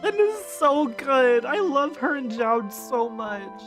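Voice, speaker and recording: High-voiced young woman streamer, excitable, swears a lot, faint music behind. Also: slow pace. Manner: excitable, swears, laughs often. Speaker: streamer playing a game. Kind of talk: casual let's-play commentary.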